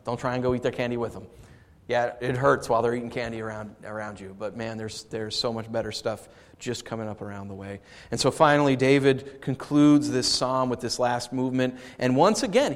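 A man preaching a sermon as pastor, shifting into lively storytelling and asking his congregation for responses. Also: mid-range voice, brisk. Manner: conversational preaching with lively storytelling and audience asides. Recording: long reverb of a large hall.

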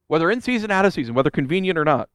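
Man, high-pitched, casual animated preacher, dry close sound. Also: rapid-fire, clear, resonant tone, no room sound. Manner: animated storytelling, voices quotes. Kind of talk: conversational sermon.

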